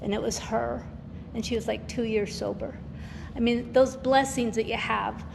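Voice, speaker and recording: Older woman, guest speaker at a recovery meeting, candid and emotional, laughs often; gravelly voice, recorded in a hall with a long echo. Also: a little high, steady tone, normal speed. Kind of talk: personal testimony talk. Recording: reverberant hall with faint noise.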